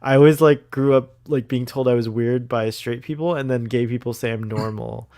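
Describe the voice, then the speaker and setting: A man's voice: mid-range voice, steady tone, moderate pace, a little mellow, no room sound, clean studio sound. A man in casual chat, telling a wry personal story. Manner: wry, storytelling, laughs at own anecdote.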